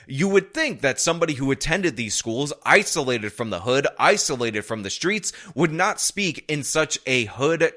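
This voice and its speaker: A man's voice: medium pitch, bright, forceful tone. A man hosting a political commentary video, arguing his points emphatically and checking in with his audience. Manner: emphatic, argumentative, repeats points. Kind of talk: opinion commentary to camera.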